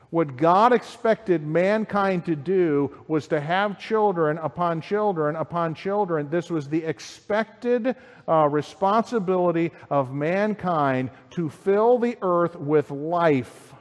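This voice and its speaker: A man preaching a sermon, explaining a scripture passage in a measured, teaching way and reading verses aloud. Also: fairly high pitch, long reverb tail. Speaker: pastor.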